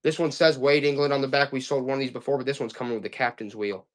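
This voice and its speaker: A man's voice: medium pitch, fairly even intonation, fast talker. A man selling vintage items on a live stream, chatting to viewers in a repetitive, hyped-up sales patter. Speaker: live auction seller.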